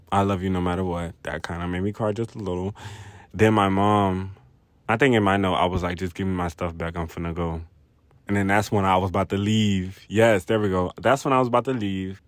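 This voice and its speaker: A young man telling a personal story in a casual vlog, rambling, animated and profane. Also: lowish voice, no room sound. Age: young adult. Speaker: vlogger.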